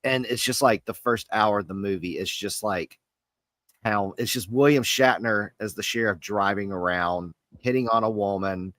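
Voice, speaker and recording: Laid-back low-voiced man, casual. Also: normal speed, fairly bright tone, no room sound, studio quality. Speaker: podcast co-host. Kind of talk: casual movie chat.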